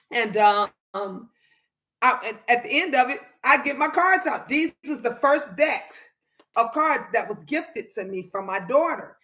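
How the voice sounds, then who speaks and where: A middle-aged woman hosting a tarot live stream, chatting casually and answering viewers' comments in a lively way. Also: on the high side.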